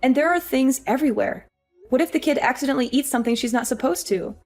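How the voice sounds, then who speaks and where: An actress playing an exhausted young working wife, weary and pleading. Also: female voice, sits high, animated, fast, darkish tone, soft background music. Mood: upset. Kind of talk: audio drama acting.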